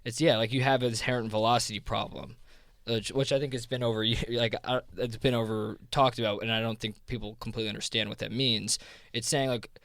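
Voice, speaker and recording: His voice is gravelly and fairly bright, medium in pitch with fairly even intonation, and a little fast, captured in a dry, clean studio recording. A guest on a podcast interview, this South Jersey crypto fund co-founder rambles casually, leaning on "like" and frequently starting over.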